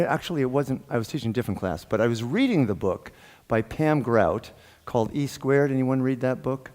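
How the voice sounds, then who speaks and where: Male guest minister, mid-pitched, lively storyteller, long hall reverb. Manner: animated, laughs often, acts out quoted dialogue. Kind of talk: sermon with jokes and storytelling. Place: church sanctuary.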